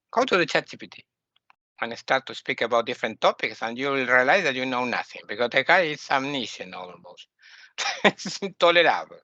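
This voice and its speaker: A man from Argentina with an Argentinian Spanish accent, a native Spanish speaker giving an informal spiritual lesson in English, animated and repeating words as he mocks the ego in quick asides. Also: mid-range voice, no echo, dull audio. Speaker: spiritual teacher.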